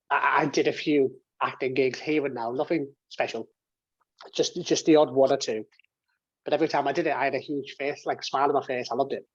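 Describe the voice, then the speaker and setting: A man's voice: mid-range voice, no room sound, muffled recording. A man in his thirties telling a personal story as an interview guest, rambling with restarts and swearing, on a video call from his home office. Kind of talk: casual storytelling. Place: home office and games room.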